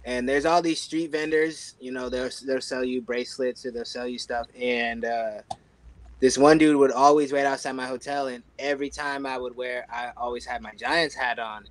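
A man with a mid-range voice chats in a relaxed, loose way, dropping in fillers as he tells a quick travel story among friends. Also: medium pitch, dry recording. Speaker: guest on a live chat. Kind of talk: casual chat.

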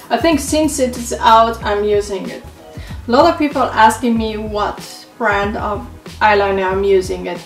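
A woman vlogger talking through a beauty haul in casual, halting English that is not her first language, with frequent fillers. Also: mid-range voice. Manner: unhurried, halting non-native phrasing with many fillers. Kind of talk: casual product haul talk. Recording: roomy echo, mic at a distance, faint music.

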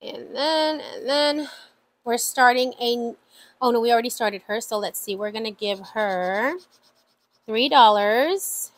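A woman vlogging about her savings challenges, chatting excitedly to viewers and counting money out loud. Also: fairly high pitch, measured pace, no echo, low-quality recording. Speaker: budgeting vlogger. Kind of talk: casual vlog talk to viewers.

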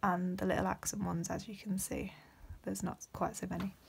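A young woman teaches beading step by step in a soft voice that often becomes a whisper, with frequent ums. Her mid-range voice is creaky and slightly rough, with little pitch movement, at a moderate pace.

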